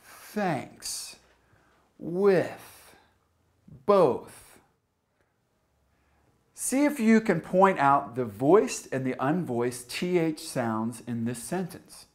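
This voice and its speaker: A young man teaching English pronunciation in a scripted lesson, enunciating slowly and carefully. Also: medium pitch, big pitch swings.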